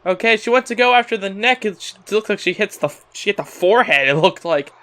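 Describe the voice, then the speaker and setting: A young man gives excitable play-by-play on a wrestling video game, laughing a lot and calling out to "ladies and gentlemen." His voice sits high and he talks fast.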